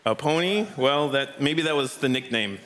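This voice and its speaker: In a church hall full of listeners, a man guides a family Bible lesson, encouraging the children and joking around with them. His mid-range voice is a bit bright, with lively intonation at a normal speed. He sounds out of breath.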